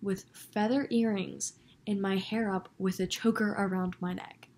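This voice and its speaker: A woman's voice: medium pitch, fairly even intonation, darkish tone, a little hiss or hum. A teenage girl vlogger telling a story to camera in a chatty, casual way. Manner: chatty, quick, quotes people with put-on voices.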